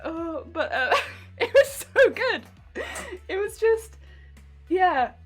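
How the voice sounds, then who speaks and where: A woman's voice: extremely high pitch, very animated, takes it slowly. A chatty, giggly young woman streaming while she sews, gushing about a show and reading out chat. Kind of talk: casual chat while sewing. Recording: faint background music.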